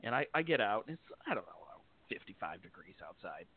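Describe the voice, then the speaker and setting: A man from upstate New York hosting a podcast, telling a story in an easygoing, animated way. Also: on the low side, fairly quick, slightly rough. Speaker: podcast host. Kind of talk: casual chat, storytelling. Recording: dry, tinny phone-like line.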